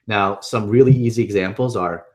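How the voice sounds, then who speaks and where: A man with a slightly low voice teaches a webinar in an easy, conversational way. He stays upbeat and keeps checking in with his listeners as he explains each point. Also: moderate pace. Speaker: webinar presenter. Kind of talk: casual instructional talk.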